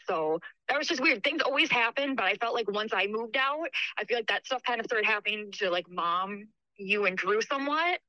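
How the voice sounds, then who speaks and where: A woman's voice: medium pitch, normal speed, few pauses, no room sound, poor audio. A woman caller telling a story in a chatty way, with lots of fillers. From New York State. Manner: chatty, filler-heavy, animated retelling. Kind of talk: casual storytelling on a call.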